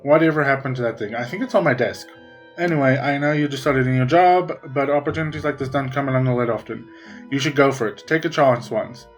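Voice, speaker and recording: A man's voice: mid-range voice, fast, soft background music, natural voice. A man voicing a cheerful fatherly professor reading a letter to his kid in a chatty way. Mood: fond. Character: cheerful fatherly middle-aged professor dad.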